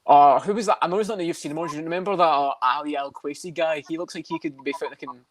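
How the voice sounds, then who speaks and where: A man co-hosting a podcast, riffing quickly and swearing between laughs. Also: on the high side. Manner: quick, profane, laughing riffs. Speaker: podcast co-host. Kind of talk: casual podcast chat.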